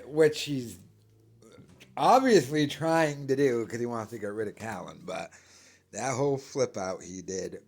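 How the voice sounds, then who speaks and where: A man doing mocking reaction commentary, laughing and talking sarcastically to his viewers. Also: mid-range voice.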